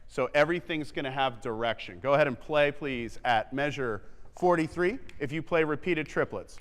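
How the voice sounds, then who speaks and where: A man coaching a wind band in rehearsal, briskly counting off and singing the rhythms to show them. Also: a little high, fairly bright tone. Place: theatre stage. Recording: long theatre reverb with faint band.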